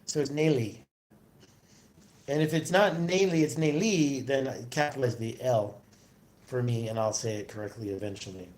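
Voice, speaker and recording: A man's voice: mid-range voice, normal speed, long pauses, a little mellow. A man hosting a casual livestream into his phone, rambling and answering viewer comments aloud. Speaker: livestream host.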